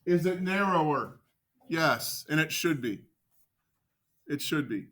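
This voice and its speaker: A man teaching a math class, joking with students and quizzing them with quick questions. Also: on the high side, expressive, fairly bright tone.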